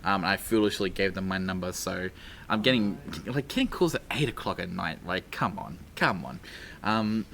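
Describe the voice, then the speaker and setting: A man's voice: low voice, animated, moderate pace, vocal fry, a bit bright, a little hiss or hum. A man narrating as dungeon master in a casual, chatty way, with many fillers and frequent laughs. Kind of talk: narrating a tabletop game.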